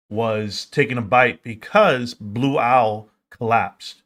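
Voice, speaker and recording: A man's voice: mid-range voice, takes it slowly, hardly any pauses. A man hosting a market livestream, talking casually and joking, sometimes acting out other people in a raised voice. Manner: animated, acts out quoted people in a raised voice; joking, conversational with fillers. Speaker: stock market livestream host.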